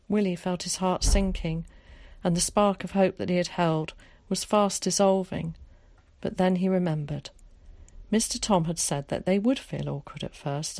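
A woman narrating an audiobook in a calm, measured way. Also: on the low side, no room sound.

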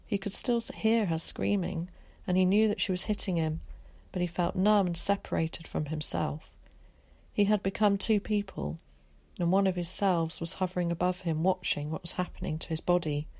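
A woman narrating an audiobook in a steady, measured storytelling voice. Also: lowish voice, no echo. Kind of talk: scripted narration.

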